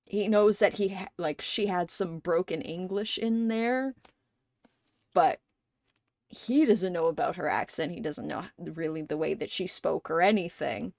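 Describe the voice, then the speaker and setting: A woman's voice: on the low side, measured pace, gravelly, darkish tone, no room sound. A woman live streamer in casual chat, thinking aloud at length and swearing offhandedly.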